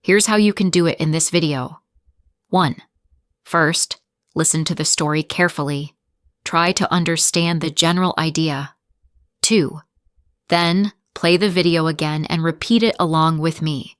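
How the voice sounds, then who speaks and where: A woman English teacher narrating a story for learners, slow and deliberate with careful articulation. Her voice sits somewhat low for a woman. The recording is dry and close, with no room sound. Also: steady tone, no echo.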